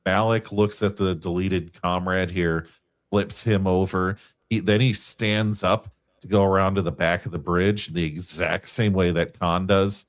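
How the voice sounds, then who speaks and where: Very deep-voiced, earnest man. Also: fairly even intonation, no echo. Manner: earnest, enthusiastic, halting. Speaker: co-host. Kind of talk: casual live review chat. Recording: dry close-mic sound.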